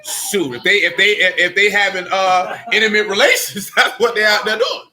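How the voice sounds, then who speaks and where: A man's voice: high voice, sing-song, normal speed, pushed and bright. A man preaching a sermon, emphatic and blunt, with street slang and mocking asides.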